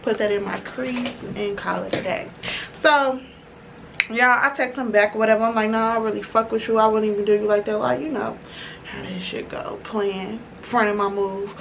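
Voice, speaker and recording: Profane, animated woman vlogger. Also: mid-range voice, moderate pace, vocal fry, background noise. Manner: profane, animated, slangy storytelling. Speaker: beauty vlogger. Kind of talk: casual storytime while doing makeup.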